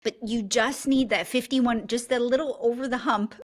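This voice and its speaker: Guesting on a conversational podcast interview, a woman who works as an intuitive coach speaks earnestly and reflectively, often checking in with "right?". Her voice is on the high side, steady, at normal speed.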